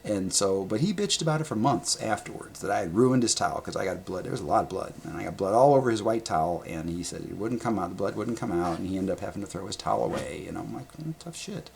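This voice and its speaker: A man with a low, gravelly voice tells rambling stories to a camera at a table indoors. He is animated and blunt, throws in sound words and swears casually. A faint hum sits behind him. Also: fast, few pauses. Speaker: vlogger telling stories. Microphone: camera in front of him.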